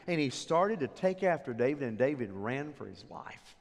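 A man preaching a sermon, retelling a story with animated delivery and dramatic drops to near whispers. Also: a little high, moderate pace, few pauses, long reverb tail.

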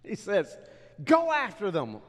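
A middle-aged male pastor preaching a sermon in a church, dropping low and then rising to emphatic exhortation. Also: wildly swooping pitch, slow. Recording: long hall reverb.

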